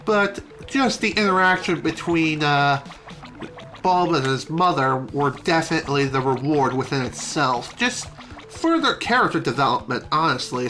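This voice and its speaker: A woman giving casual, chatty commentary while playing a video game, opinionated and full of fillers. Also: sits low. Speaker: let's play streamer.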